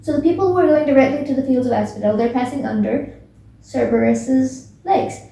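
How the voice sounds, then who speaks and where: A woman's voice: high voice, a little fast, creaky, dark tone. A young woman casually retelling a book's plot, rambling with many fillers and restarts. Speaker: book recap vlogger. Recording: echoey room, voice from a distance.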